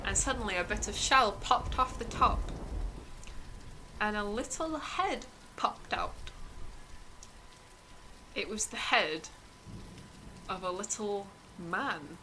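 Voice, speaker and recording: Woman streamer, improv storyteller: slow, bright-toned, giggly narration. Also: mid-range voice, lively intonation, slight background noise, low-quality recording.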